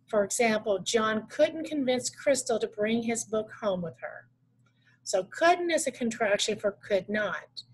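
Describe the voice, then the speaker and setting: A woman teaching punctuation rules from slides, reading out examples slowly and correcting herself now and then. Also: on the high side. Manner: reads examples slowly, with small restarts. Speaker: adult education teacher. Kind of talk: slide-based grammar lesson.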